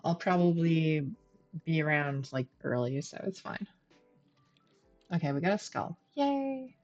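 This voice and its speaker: A woman's voice: low-pitched, unhurried, a little mellow, highs cut off, faint music behind. A woman streaming a game, chatting and thinking aloud as she plays and talks to her viewers. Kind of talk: live gameplay commentary.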